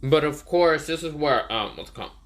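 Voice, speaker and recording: A man's voice: a little high, animated, brisk. A man casually retelling a fan story, rambling with many fillers and self-corrections.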